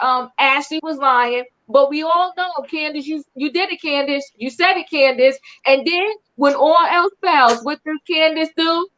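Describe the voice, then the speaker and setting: Sassy high-voiced older woman host. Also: moderate pace. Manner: animated, sassy, repeats "okay?". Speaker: show host. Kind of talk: live-stream reality TV recap. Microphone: online live stream. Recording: muffled lo-fi stream audio.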